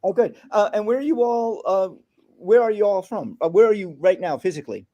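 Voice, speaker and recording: A man hosts a live film festival stream, chatting warmly and easily with plenty of ums and uhs. His voice is mellow and somewhat high for a man, with no edge to it. He keeps things loose and friendly. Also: animated, fairly quick, dull audio. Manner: friendly, filler-heavy, chatty. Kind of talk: live stream interview hosting.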